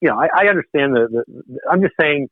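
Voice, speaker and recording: A middle-aged man from Canada, a guest on a podcast interview, talking in a rambling, animated way with many restarts. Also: a little high, quick pace, dry recording. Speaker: guest, political missionary. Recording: tinny phone line, dry.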